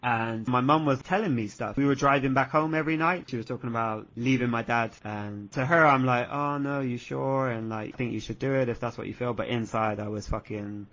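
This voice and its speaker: A man's voice: medium pitch, brisk, few pauses, a bit bright. Young guy telling a story, swears a lot, laughs a lot, kinda muffled lo-fi audio. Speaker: podcast co-host. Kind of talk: casual chat. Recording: dull lo-fi podcast audio.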